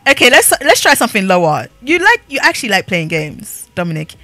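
A woman's voice: mid-range voice, sing-song, brisk, bright, forceful tone, no echo, soft background music. A young woman giving sassy, laughing commentary while playing a life-sim game. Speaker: gaming YouTuber. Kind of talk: let's-play commentary.

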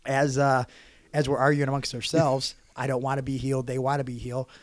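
Animated male wrestler telling a story. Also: medium pitch, fairly quick, no room sound. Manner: animated storyteller, acts out quotes. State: hoarse voice. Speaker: podcast guest, pro wrestler. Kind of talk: casual storytelling chat.

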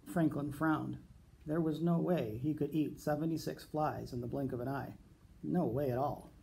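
A man who teaches reads a children's picture book aloud in a gentle, unhurried way. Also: on the high side, steady tone, creaky, a little hiss or hum. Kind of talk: storybook read-aloud.

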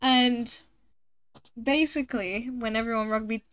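A woman's voice: on the high side, steady tone, unhurried, a bit bright, smooth. A woman streaming a game, chatting casually, swearing freely and teasing her friends. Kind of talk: casual chat while gaming.

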